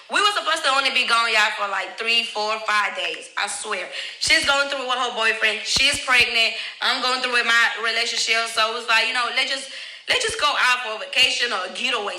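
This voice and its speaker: A young mother with a fairly high, pushed, bright voice tells her own story bluntly and emotionally to viewers, swearing and speaking directly to the audience. The audio is poor, with an echoey room sound.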